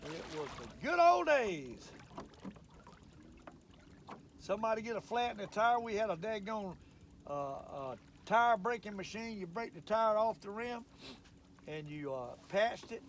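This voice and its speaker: High-voiced old guy rambling on about fishing from his boat, country drawl. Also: sing-song, normal speed, slight background noise. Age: older. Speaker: fishing show host. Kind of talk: casual fishing vlog monologue. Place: outdoors on a boat on a lake.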